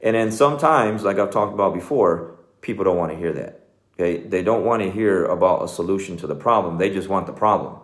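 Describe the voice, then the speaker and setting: Middle-aged Texan man, deep voice, earnest coach giving a motivational talk, recorded in a reverberant room. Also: a little fast. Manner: earnest, conversational, says "man" and "okay" often. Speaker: jiu-jitsu coach, show host.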